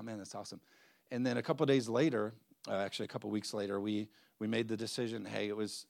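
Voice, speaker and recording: A man's voice: lowish voice, creaky, dry recording, clean studio sound. A man, a pastor, introducing a guest preacher at his church, telling a story with quoted voices and laughs. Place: church sanctuary.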